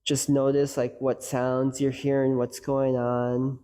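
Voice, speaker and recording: A man's voice: medium pitch, fairly even intonation, normal speed, hardly any pauses, warm tone. A man hosting a casual coaching lesson, joking and acting out little asides as he talks, with long hall reverb. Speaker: host and coaching educator. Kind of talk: casual educational talk.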